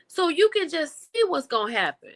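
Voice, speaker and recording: A woman hosting a livestream, chatting casually with her viewers and reacting with lively exclamations. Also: sits high, normal speed. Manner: animated and expressive, with exclamations; talks to viewers directly, reading and answering chat. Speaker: livestream host reviewing TV and film.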